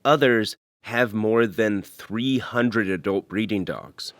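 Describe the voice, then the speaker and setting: A man hosting a podcast, reading scripted investigative narration in a measured, earnest way. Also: on the low side, dry recording, studio quality. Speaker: podcast host and reporter.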